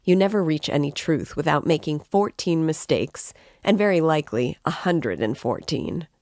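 A woman's voice: low voice, expressive, normal speed, darkish tone, no room sound, studio quality. A woman reading as a tipsy, gushing young man. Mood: impassioned. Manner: impassioned, rambling, emphatic. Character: excitable tipsy young man, effusive student.

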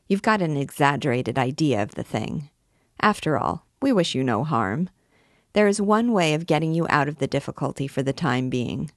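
A mocking, menacing king of beggars, proud and savage, as a low-voiced woman reads him. The voice sits deep and is recorded dry and close. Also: no room sound.

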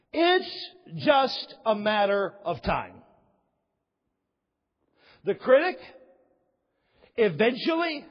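High-voiced husky male preacher. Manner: emphatic preaching with repeated phrases and asides. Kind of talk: sermon. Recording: long reverb, dull lo-fi sound.

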